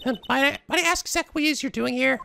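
A man voicing a grumpy, pouty young female detective, curt and deadpan. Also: very high-pitched, rapid-fire, vocal fry, slight background noise, pitched above the performer's own voice, full character voice. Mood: sulky.

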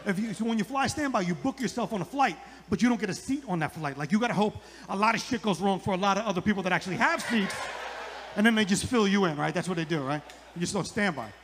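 A man in his forties doing a live stand-up routine, acting out characters in high put-on voices. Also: lively intonation, fast, a bit bright, long reverb tail, a little hiss or hum. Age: 40s. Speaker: stand-up comedian. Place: outdoor comedy club stage.

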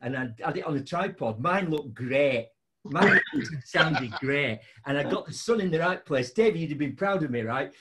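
A high-pitched man tells a story in a lively, sing-song voice, jumping up into squeaky exclamations. He is a chatty host who laughs through much of what he says. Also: normal speed, very noisy. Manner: animated, laughing storyteller with big pitch jumps. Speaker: podcast host. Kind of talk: casual storytelling chat.

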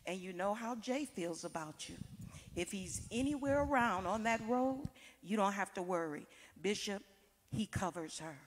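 A woman hosting a church program, making slow, formal announcements and speaking warmly to the honoree. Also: mid-range voice, expressive. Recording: long hall reverb.

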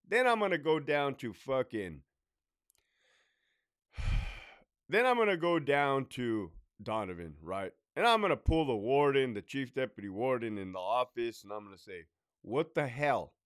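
A man's voice: medium pitch, sing-song, measured pace, clean tone, dry recording, studio quality. A man in his thirties, a former prison lieutenant, ranting in a profane storytime style and laughing between points. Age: 30s.

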